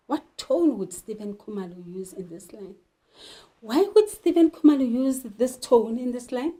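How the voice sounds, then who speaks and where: A woman's voice: fairly high pitch, animated, normal speed, warm tone, rough recording. A woman teaching a literature lesson, talking emphatically and putting questions to her learners. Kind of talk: televised classroom lesson.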